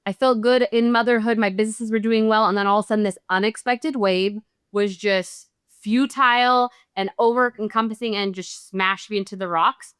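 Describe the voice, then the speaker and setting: A woman's voice: medium pitch, fairly even intonation, normal speed, few pauses, fairly bright tone, clear, resonant tone, no echo, studio quality. A middle-aged woman speaking as a podcast guest, reflective, earnest and heartfelt. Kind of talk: reflective interview talk.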